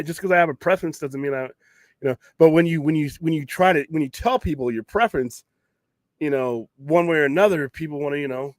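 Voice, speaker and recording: A man's voice: a little high, no room sound. Rambling, profane man hosting late-night chat. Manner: rambling, profane, opinionated, many restarts. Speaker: podcast host.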